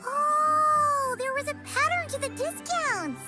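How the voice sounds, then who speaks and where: A woman voicing a tiny, excitable female companion creature in a video game, who talks about herself in the third person. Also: very high voice, slow. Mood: excited. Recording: game audio with music behind.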